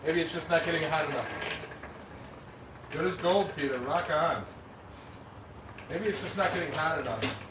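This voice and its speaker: A man forging metal as he chats casually with a livestream audience and greets viewers by name in a relaxed, talkative way. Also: a little high, moderate pace, long pauses, recorded from a distance. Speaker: blacksmith streamer. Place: metal forge workshop. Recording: echoey workshop from off-mic with loud forge noise.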